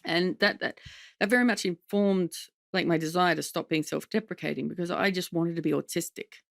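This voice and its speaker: A woman's voice: lowish voice, brisk, gravelly, no room sound, clean studio sound. A woman, a comedian guest telling stories in a candid podcast conversation, often slipping into impressions of others. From Australia. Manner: lively storytelling, slips into impressions of others.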